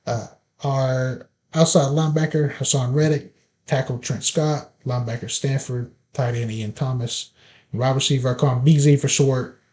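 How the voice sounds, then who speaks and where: Mellow-voiced man hosting a sports podcast. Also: mid-range voice, moderate pace. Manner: opens with playful scripted biblical flood wordplay, then relaxed listing. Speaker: podcast host. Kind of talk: casual sports podcast chat.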